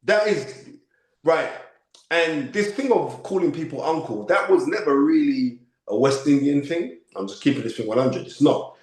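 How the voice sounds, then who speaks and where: A man of fifty with a London accent, telling stories as a podcast guest in an emphatic, animated way. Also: a little high, normal speed. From United Kingdom. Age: 50s. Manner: emphatic, acts out quoted voices, frequent "you know what I mean". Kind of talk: animated interview storytelling. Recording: echoey room.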